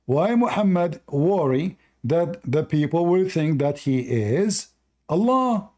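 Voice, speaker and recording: A man's voice: a little high, expressive, slow pace, warm tone. A man hosting a heated live debate, arguing hard, interrupting and repeating himself, and losing his voice. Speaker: host.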